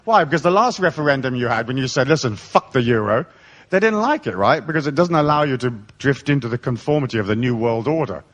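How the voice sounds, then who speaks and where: Irreverent, lively-voiced man giving a seminar. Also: medium pitch, fast talker, few pauses. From raised in Africa, born in England. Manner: irreverent, profane, sardonic. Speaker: seminar speaker. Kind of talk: live seminar talk, comic storytelling. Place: live audience hall.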